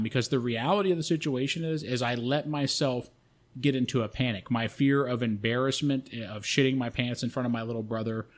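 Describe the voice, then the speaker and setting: A man co-hosting a podcast, telling a story in a casual, profane and animated way. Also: medium pitch. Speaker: podcast co-host.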